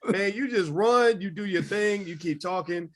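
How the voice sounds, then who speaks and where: A man's voice: high voice, normal speed, a crowd in the background. A man hosting a live stream, who jokes and banters playfully with his guest. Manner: playful, joking, laughing banter. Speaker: show host. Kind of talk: casual live-stream chat.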